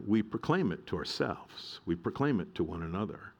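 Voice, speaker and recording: A man's voice: deep voice, expressive, normal speed. A middle-aged male pastor preaching a sermon, earnest and emphatic, repeating key phrases.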